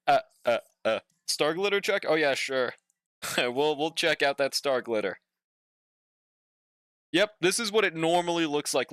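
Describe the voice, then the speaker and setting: A man's voice: fairly high pitch, fairly bright tone, clear, resonant tone, no room sound. A man streaming a game and chatting casually with his viewers, laid-back and slangy, swearing now and then and humming while he waits. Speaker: streamer reading chat. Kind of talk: casual live-stream chat while playing.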